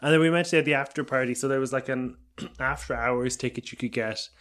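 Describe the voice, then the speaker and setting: A man's voice: medium pitch, quick pace, fairly bright tone. A man hosting a podcast, asking questions and agreeing along in casual chat. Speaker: podcast host, interviewer.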